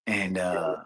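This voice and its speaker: A middle-aged man with a Washington D.C. accent, telling stories as a guest in a casual, slang-heavy interview and acting out the voices he quotes. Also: low-pitched. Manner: animated, acts out quoted voices, loose slang-heavy talk. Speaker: guest musician.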